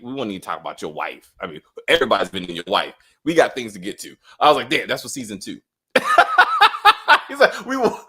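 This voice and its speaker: A man hosting a casual show review, animated and joking, with faint music behind. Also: fairly low pitch, husky. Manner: animated, joking, lots of uh fillers. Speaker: host.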